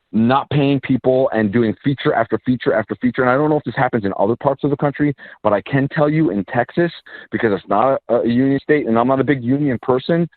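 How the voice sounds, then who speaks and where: A man, an independent filmmaker and actor, telling stories in a casual interview with quick asides and restarts. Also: medium pitch, no room sound. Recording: tinny phone-line sound.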